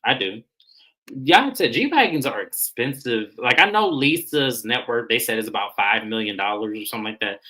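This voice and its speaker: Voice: mid-range voice, lively intonation, normal speed, bright, forceful tone, rough recording. A vlogger giving a casual, slangy recap of a reality TV episode, acting out what the cast said. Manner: chatty, acts out quoted lines in shifting voices; slangy, informal phrasing. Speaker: recap reviewer.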